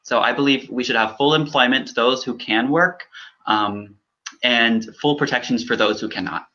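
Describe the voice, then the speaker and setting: Young man, earnest, halting, many ums, bright tone, muffled lo-fi audio. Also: mid-range voice. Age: young adult. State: choked up. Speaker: political candidate. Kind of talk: interview.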